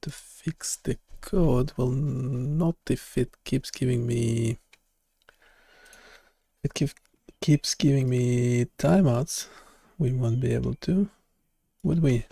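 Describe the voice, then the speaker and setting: Slow, gravelly-voiced man thinking aloud. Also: medium pitch, dark tone, no echo, clean studio sound. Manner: halting, thinking aloud with many fillers. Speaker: web developer streaming live. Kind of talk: casual live-stream talk.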